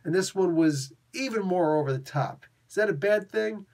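A man hosting a casual comic book review, talking in an excitable, rambling, slangy way. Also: sits high, normal speed.

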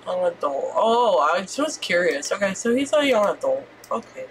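A woman streamer giving excitable let's-play commentary, squealing and swearing as she reacts. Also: mid-range voice, normal speed, a little hiss or hum.

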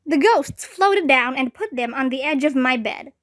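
A woman reading a children's chapter book aloud, slow and deliberate. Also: high voice, lively intonation. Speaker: read-aloud narrator.

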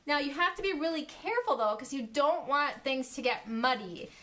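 A woman hosting a live paint pouring demo from her home studio, chatting with viewers in a giggly, easily excited way. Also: high voice, normal speed. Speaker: art studio host. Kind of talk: live craft demo chat. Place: home studio, dogs in the house. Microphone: live stream from a phone or camera.

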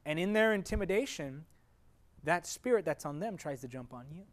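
A man preaching a sermon as a teaching preacher, emphatic and repetitive, swinging between raised declarations and hushed lines. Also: a little high, expressive, normal speed.

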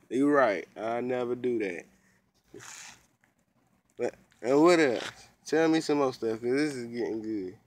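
A man's voice: mid-range voice, lively intonation, unhurried, pauses often. A man in his twenties chatting casually with a child on a vlog, playfully egging her on and echoing her answers. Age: 20s. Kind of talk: casual chat.

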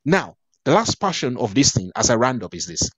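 A man's voice: medium pitch, sing-song, fairly quick, a bit bright, breathy edge, no room sound. A man preaching a sermon, emphatic, with repeated phrases and frequent restarts. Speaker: pastor.

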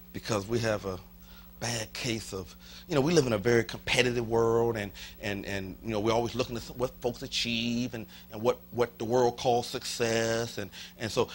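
A male pastor with a Southern US accent preaching an animated sermon in a church, leading his congregation in call and response and dropping to a whisper at times. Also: medium pitch, moderate pace, slight background noise. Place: church sanctuary.

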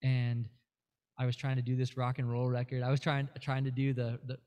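Rambling, mellow-voiced male guest musician. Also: mid-range voice, completely flat delivery, brisk, clean tone. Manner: rambling storyteller, many fillers and restarts. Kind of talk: casual interview chat.

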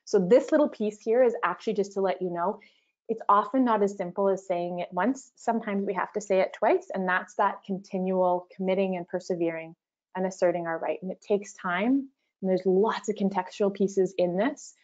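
A woman's voice: medium pitch, moderate pace, a little mellow. Woman running an online workshop, talks casual, acts out little example replies, bit dull lo-fi sound. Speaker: workshop facilitator.

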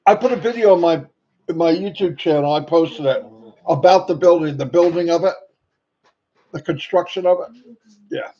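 Male livestream host, excitable, shouts out viewers; slightly high voice, muffled home mic. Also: normal speed, pauses often. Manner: excitable, greets viewers by name. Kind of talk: casual livestream chat. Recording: dull lo-fi sound, faint noise.

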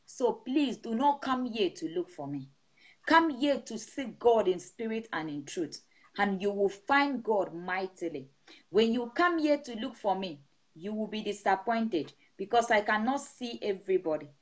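A woman's voice: medium pitch, expressive, measured pace. A middle-aged woman pastor preaching a sermon over an online broadcast, speaking in an emphatic, repetitive blessing cadence. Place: seated indoors.

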